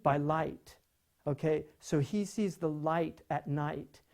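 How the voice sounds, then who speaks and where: Male lecturer, warm mellow tone, conversational, keeps checking in with rhetorical questions. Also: on the high side, takes it slowly, vocal fry. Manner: rhetorical questions, frequent "right?"; animated, conversational teaching. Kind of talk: lecture on poetry.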